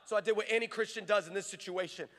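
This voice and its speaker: A preacher man delivers a sermon full of animated, playful stories, often cutting himself off and starting again. His voice sits high for a man. A long reverb fills the large armory hall around him. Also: fast talker, noisy background. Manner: animated, playful storytelling with frequent self-interruptions. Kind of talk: sermon with comic storytelling.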